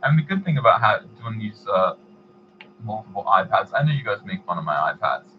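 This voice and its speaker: A man hosting a livestream, chatting casually and reading donations, in a rambling, halting way. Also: lowish voice, very animated, muffled recording, a little hiss or hum. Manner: rambling, halting, many fillers and restarts. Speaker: livestream host.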